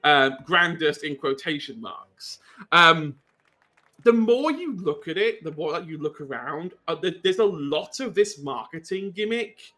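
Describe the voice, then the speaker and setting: Male game master, bright tone, slow and meandering, dry jokes. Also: a little high, expressive. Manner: rambling, many ums, wry asides. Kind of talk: narrating a tabletop game.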